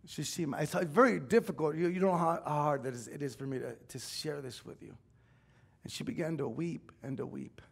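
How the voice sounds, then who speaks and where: A middle-aged man, a pastor, preaching a sermon in a church, telling a personal story in an emotional, confessional way that swells at times into shouting. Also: on the high side, brisk, gravelly, breathy edge. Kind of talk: sermon testimony. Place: church sanctuary.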